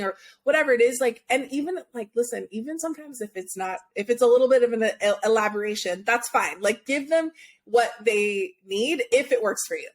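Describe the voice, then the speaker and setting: A young adult woman interviewing in a relaxed, reflective conversational way, with a lot of "like". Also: a little high, brisk. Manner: relaxed, reflective, uses lots of "like". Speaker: podcast interviewer.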